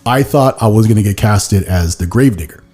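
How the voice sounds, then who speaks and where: A man's voice: on the low side, brisk, darkish tone, breathy edge. A man hosting a podcast in casual chat, telling rambling stories full of "like" and slipping into silly put-on voices. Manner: rambling storyteller, heavy use of "like", slips into silly voices. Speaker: podcast host.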